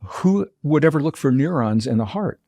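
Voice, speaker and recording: A man being interviewed as a guest author, telling personal stories and explaining ideas in a measured, earnest way. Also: a little high, animated, warm tone, no room sound, studio quality. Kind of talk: reflective interview storytelling.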